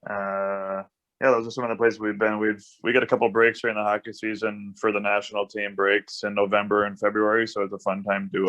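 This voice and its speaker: A man's voice: on the low side, a bit bright. A young American man, a hockey player, chatting easily as a guest with plenty of ums and uhs. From United States. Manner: easygoing, many ums and uhs. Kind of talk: casual interview chat. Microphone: video call. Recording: dull lo-fi video call audio.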